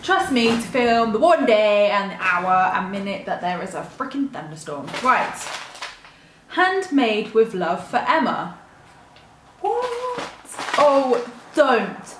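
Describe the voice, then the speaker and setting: A woman chatting excitedly through an unboxing vlog, gushing over each item in a quick, casual way. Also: medium pitch, a little hiss or hum. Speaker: YouTube vlogger. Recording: roomy echo.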